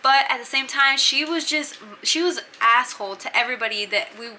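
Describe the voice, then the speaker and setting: Young woman vlogger, really bright voice, kinda high, swears a lot, faint noise behind. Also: a little fast, rough recording. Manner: chatty, swears freely, many fillers. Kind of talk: casual storytime.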